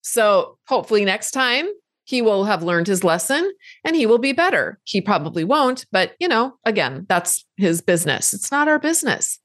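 A woman's voice: fairly high pitch, no echo, studio quality. A middle-aged woman hosting a podcast, answering listener questions in a direct, conversational advice style with emphatic repetition. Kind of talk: live Q&A advice talk.

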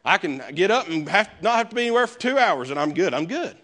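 A man's voice: high voice, very animated, quick pace, fairly bright tone. A male pastor, preaching a sermon in a conversational way with folksy asides. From American South.

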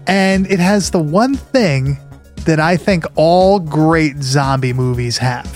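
A man's voice: fairly high pitch, expressive, slow, faint music behind. A man hosting a casual podcast chat, rambling and swearing freely. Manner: profane, rambling. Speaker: podcast host.

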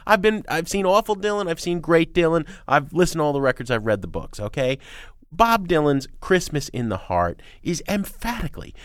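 An opinionated male music critic co-hosting a radio show, his pitch jumping all over as he hammers his points home. He talks in emphatic bursts with sarcastic asides, close on a dry studio mic. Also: very animated, normal speed, a bit bright, no echo. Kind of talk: animated opinionated chat.

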